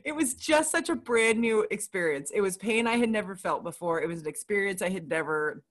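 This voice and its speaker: A woman's voice: medium pitch, fairly quick. A woman chatting casually, candid and dramatic as she tells a personal story. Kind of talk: casual chat about surgery recovery.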